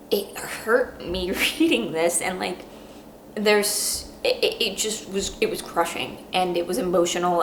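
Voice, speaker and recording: A woman talks through a book review with deep, heartfelt earnestness, circling back with halting restarts as she searches for words. Her voice sits a little low. The recording is roomy with an echo and a faint hum behind it. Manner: rambling, halting, many restarts; earnest and emotional. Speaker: podcast host. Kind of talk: casual book review monologue.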